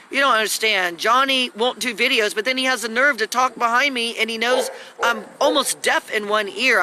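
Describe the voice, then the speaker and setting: A woman's voice: a little high, background noise. A woman rambling and scolding through a live video at home, recorded on a phone. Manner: agitated, scolding, talks in long rambling runs.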